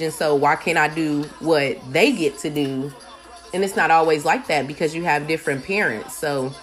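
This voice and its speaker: Low-voiced mother giving casual advice. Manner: conversational, with many fillers and asides. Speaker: single mother.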